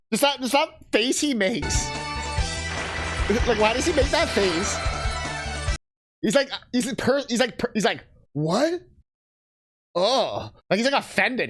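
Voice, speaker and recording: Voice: mid-range voice, a bit bright. A streamer giving casual, crude, joking commentary while watching game videos.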